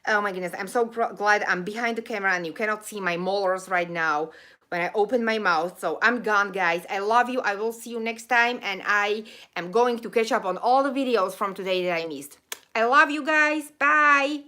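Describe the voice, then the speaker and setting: A woman's voice: mid-range voice, pushed and bright. A woman with an accent hosting a live stream, rambling happily, thanking viewers and losing her voice. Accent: non-native accent. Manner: rambling, effusive, quick laughs, lots of thank-yous. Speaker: channel host of a live stream. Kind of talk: casual live-stream chat reading viewer comments.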